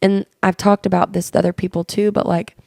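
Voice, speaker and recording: This podcast co-host has a medium-pitched, darkish voice with vocal fry, delivered a little fast in a level tone. She chats casually, candid and earnest, relating stories and repeating dialogue word for word. The audio is studio quality with no echo.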